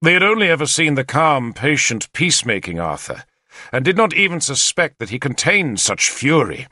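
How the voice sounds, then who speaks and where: A man narrating an audiobook in the first person, with expressive, lively storytelling on a close mic. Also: mid-range voice, normal speed, no echo.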